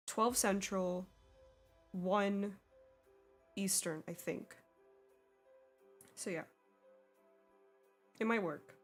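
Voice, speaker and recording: A young woman with a plain American accent chats with her stream while she draws. She giggles often and reads chat messages aloud in a bubbly way, her voice in the middle range. Faint music plays underneath. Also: medium pitch. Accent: General American. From Sweden. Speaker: artist streamer.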